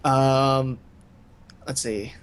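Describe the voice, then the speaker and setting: A man's voice: mid-range voice, fairly even intonation, very slow, clean tone. A young man co-hosting a casual chat, telling work stories in a rambling way, full of restarts and laughs. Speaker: podcast co-host.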